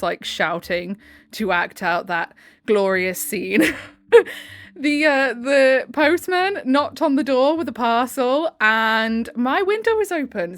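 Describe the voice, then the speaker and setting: A woman's voice: a little high, a bit bright, no echo. A woman at home giving a dramatic reading of online stories, acting out the dialogue and laughing often. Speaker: story narrator. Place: home room with window.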